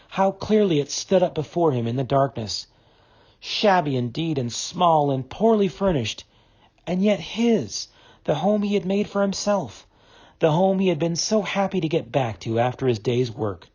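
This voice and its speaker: A man narrating a classic novel as an audiobook, reading in an expressive, dramatic storytelling manner. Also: fairly high pitch, slightly rough, lo-fi sound.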